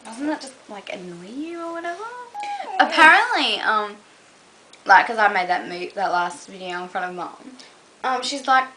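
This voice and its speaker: A woman's voice: mid-range voice, animated, moderate pace, crowd noise, rough recording. A young Australian woman vlogging casually to camera, rambling with lots of "um" and "like". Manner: rambling, full of "um" and "like".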